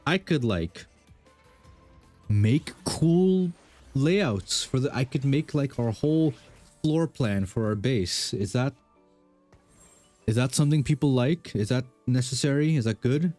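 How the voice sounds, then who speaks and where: A man's voice: mid-range voice, lively intonation, takes it slowly, pauses often, a little mellow, faint music behind. Rambling young man chatting while gaming. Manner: rambling, self-deprecating, lots of fillers and restarts. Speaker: streamer. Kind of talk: casual chat while gaming.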